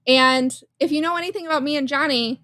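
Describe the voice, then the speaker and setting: A woman's voice: high-pitched, fast, pushed and bright, no room sound. A woman co-hosting a live show, telling a story in brassy, self-mocking casual chat.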